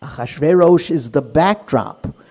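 A man teaching a class on the Book of Esther in a lively lecture, firing rhetorical questions at the room and acting out the characters. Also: a little high. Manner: animated, fires rhetorical questions at listeners; acts out the characters in quick voices. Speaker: Torah teacher.

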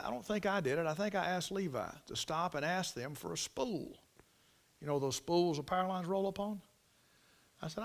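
A man, telling a folksy farm story in a devotional talk, in an animated country manner. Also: a little high, vocal fry.

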